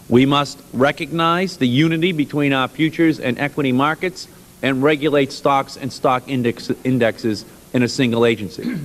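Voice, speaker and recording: A man chairing a congressional subcommittee hearing, reading a formal opening statement in a measured, emphatic way and clearing his throat now and then. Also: mid-range voice. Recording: archival hearing room audio with long reverb.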